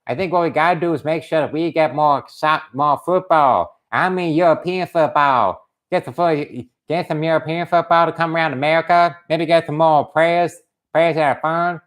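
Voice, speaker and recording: Brief: a man doing an angry swearing wall-builder in broken English, pitched a bit high, for a livestream. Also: moderate pace, close to an everyday voice. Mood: musing. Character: furious foul-mouthed man guarding his wall. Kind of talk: comic put-on voice on a livestream.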